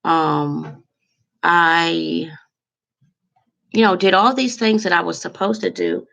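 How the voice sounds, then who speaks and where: A woman talking straight to camera in an emotional, halting vlog, close to tears. Her voice carries a heavy gravelly fry. She pauses often and fills gaps with ums as she searches for words. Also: fairly low pitch, fairly even intonation, fairly bright tone. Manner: emotional, heartfelt, halting with many fillers. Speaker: vlogger. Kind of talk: candid to-camera monologue.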